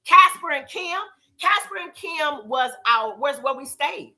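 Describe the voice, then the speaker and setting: Lively, bright-voiced woman hosting a live show. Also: high voice, measured pace. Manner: chatty, sassy and animated, thanking sponsors. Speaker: show host. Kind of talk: casual live recap show.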